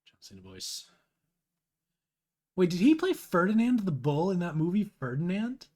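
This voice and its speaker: A man's voice: high-pitched, very animated, normal speed, long pauses, darkish tone. A young man chatting casually on a live stream, rambling and self-deprecating, with frequent restarts. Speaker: streamer reading a webcomic aloud.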